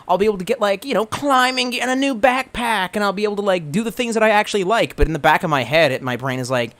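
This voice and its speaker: A man chatting casually on a livestream, reading chat aloud, rambling and swearing, stammering through restarts and swinging between excited and gloomy. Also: high-pitched, fast.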